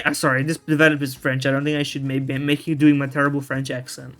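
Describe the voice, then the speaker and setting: A video game streamer gives casual gameplay commentary over faint game music, talking fast with hardly any pauses in a medium-pitched, flat, sharp-toned voice. He rambles and restarts sentences, using loose slang and the occasional swear word.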